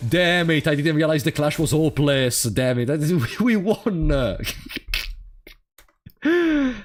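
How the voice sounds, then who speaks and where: A man's voice: a little high, sing-song, takes it slowly, pauses often. A man with an Italian accent, a native Italian speaker, streaming a game in casual commentary, wry and sarcastic and laughing often. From Italy. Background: faint game music.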